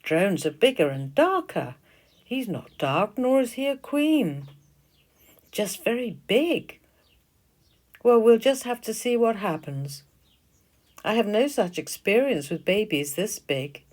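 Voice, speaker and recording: A woman's voice: medium pitch, very animated, takes it slowly, pauses often, a little mellow. A woman playing a vain, fussy queen bee. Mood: grand. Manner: theatrical, exclaiming.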